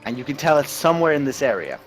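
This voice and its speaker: A man's voice: medium pitch, sing-song, fast, soft background music. A man running a tabletop role-playing game as game master, narrating scenes in vivid detail.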